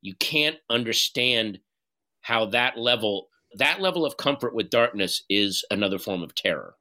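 Bright-voiced man talking earnestly. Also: lowish voice. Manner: earnest, halting, profane, animated retelling. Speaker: guest. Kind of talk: candid conversational interview.

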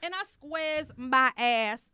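A woman co-hosting a podcast in a high, bright voice, recorded dry and close. She tells animated stories in casual chat, laced with profanity. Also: slow, clean tone, no room sound. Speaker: podcast co-host.

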